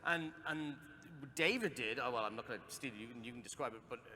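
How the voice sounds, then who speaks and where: A man's voice: medium pitch, quick pace, bright, forceful tone, slight background noise. A man with an Irish accent, joking and swearing freely as an actor on a convention panel. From Ireland. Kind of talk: casual panel chat. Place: large convention hall. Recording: echoey convention hall.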